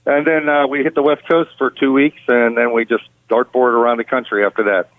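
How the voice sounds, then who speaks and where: A man's voice: mid-range voice, brisk, no echo. A man who tours as a rock guitarist, talking casually with lots of fillers in an interview, and rambling as he goes. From Pittsburgh, United States. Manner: rambling, relaxed, many fillers. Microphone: phone. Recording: tinny dry phone line.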